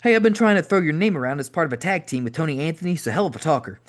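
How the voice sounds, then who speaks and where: A man doing an excited wrestling manager who talks in a rapid machine-gun burst, pitched a little above a normal speaking voice. The lines come quick and eager, one pitch after another, in an audiobook reading. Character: fast-talking excited male wrestling manager.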